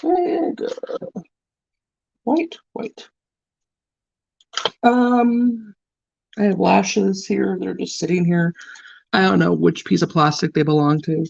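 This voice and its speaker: A woman's voice: mid-range voice, slow pace, gravelly, long pauses, darkish tone, husky, no echo. A sleepy woman chatting casually with live viewers while doing her makeup, teasing them playfully and yawning often. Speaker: livestream host doing makeup. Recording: dull, lo-fi and dry.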